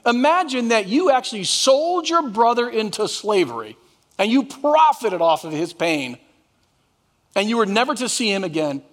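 A man's voice: high-pitched, very animated, moderate pace, fairly bright tone, big-room sound. A man preaching a sermon as pastor, drawing the congregation into call and response. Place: church sanctuary.

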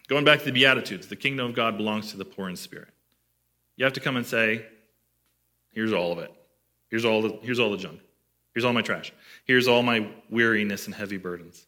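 A man's voice: medium pitch, bright, forceful tone. A man preaching a sermon as pastor, conversational and asking his listeners questions.

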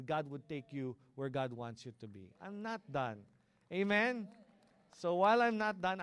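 High-voiced Filipino pastor preaching. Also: male voice. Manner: calls out "Amen?" to the congregation, swings between loud and hushed. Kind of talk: sermon. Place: cinema hall used as a church.

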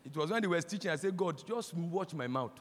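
A man in his forties with a Nigerian accent, preaching a sermon as a pastor, impassioned and breaking into shouts. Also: on the high side, expressive, brisk. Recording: long hall reverb.

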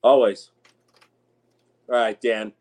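A man's voice: medium pitch, fairly even intonation, takes it slowly, darkish tone. A man co-hosting a sports podcast, chatting casually in an easygoing, wry way. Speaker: podcast co-host.

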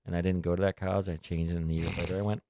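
A middle-aged man with a fairly low voice, chatting on a podcast and recounting a story from his past. He swears freely and laughs as he goes. The sound is dry and close to the mic. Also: flat delivery, racing, dark tone, no room sound. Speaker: podcast co-host. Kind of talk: casual chat.

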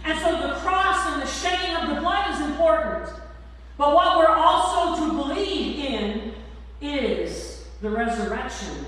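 A high-voiced woman pastor preaches slowly and emphatically, drawing out the ends of her lines. She is recorded from a distance in a large church hall, with a long, echoing reverb and faint room noise behind her. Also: a bit bright. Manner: slow, emphatic preaching with drawn-out endings. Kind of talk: sermon. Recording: echoey church hall from far off.

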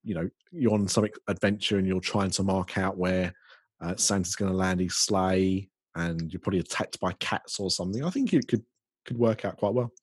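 Husky low-voiced British man chatting. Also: normal speed, no echo. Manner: chatty, rambling with many ums and restarts. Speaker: podcast host. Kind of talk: casual podcast chat.

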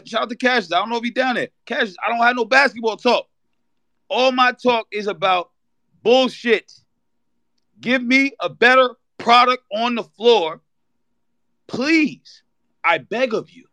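Fired-up, high-voiced man ranting. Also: no room sound. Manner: animated, profane, shouts in bursts. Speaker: podcast co-host. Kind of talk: heated fan rant on a live audio show.

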